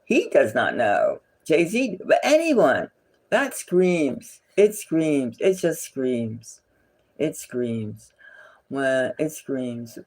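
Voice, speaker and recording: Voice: medium pitch, darkish tone. A psychic tarot reader giving a casual gossipy reading, indignant and repetitive, sometimes dropping to a whisper.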